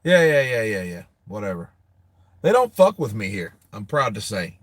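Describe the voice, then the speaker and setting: A man's voice: lowish voice, big pitch swings, normal speed, no room sound. A man hosting a boxing show, chatting casually and telling loose, profane stories with frequent laughs. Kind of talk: casual live-stream chat.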